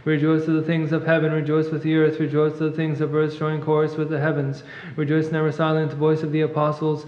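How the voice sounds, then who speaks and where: A man reading a long liturgical hymn in rapid chant at a monastery service, clearing his throat now and then. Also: a little high. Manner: fast monotone recitation, clears throat at times. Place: church. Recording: echoey church, long reverb, muffled.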